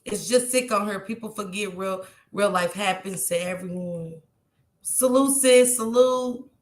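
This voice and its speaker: A woman's voice: mid-range voice, unhurried, echoey room. A woman vlogger talking to her viewers in an impassioned, tearful way and reading out their chat comments. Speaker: YouTube vlogger. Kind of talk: emotional livestream talk to viewers.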